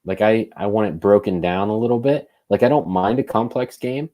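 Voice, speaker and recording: Low mellow guy chatting on a podcast, rambly and easygoing. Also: brisk. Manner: thinks aloud, loose and conversational. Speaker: podcast co-host. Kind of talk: casual podcast chat.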